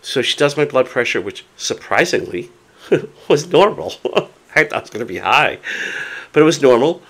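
A man's voice: medium pitch, normal speed, slightly rough. Hard-of-hearing man telling a story. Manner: animated retelling with acted quotes. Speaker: vlogger. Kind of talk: casual storytelling to camera.

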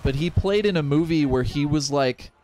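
A gaming channel member, a young man with a slightly high, a little mellow voice at a moderate pace, rambles casually while playing a video game with friends. His let's-play banter is full of restarts and laughs.

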